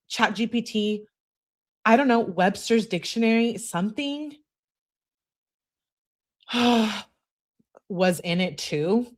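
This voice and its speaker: A woman hosting a true-crime livestream in casual commentary, answering chat with sarcastic, exasperated asides. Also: a little high. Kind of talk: casual live-stream commentary.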